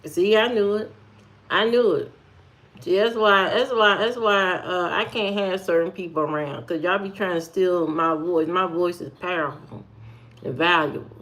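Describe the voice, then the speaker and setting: A woman's voice: fairly low pitch, moderate pace, fairly bright tone. Female livestreamer, casual and playful, sassy running banter with the audience.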